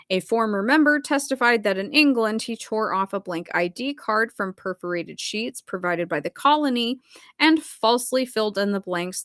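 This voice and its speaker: A woman's voice: on the high side, a bit bright, no room sound, studio quality. A woman hosting a true crime video, reading documents aloud and reacting with blunt, emotional commentary full of fillers.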